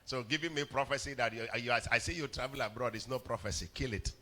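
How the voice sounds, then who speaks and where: A male pastor preaching a sermon in church, telling stories, often stammering on words and building up to shouts. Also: mid-range voice, quick pace. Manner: storytelling preacher, rising to shouts, stammered repeats. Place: church hall.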